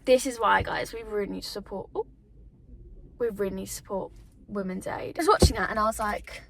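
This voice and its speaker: A woman speaks straight to her phone camera in a confessional vlog, her voice sitting at an ordinary middle pitch. She pours out feelings with lots of fillers and nervous laughs, and a faint hiss sits under the recording. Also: fairly quick, creaky, a bit bright. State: tearful at times. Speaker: vlogger. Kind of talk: candid personal vlog to camera.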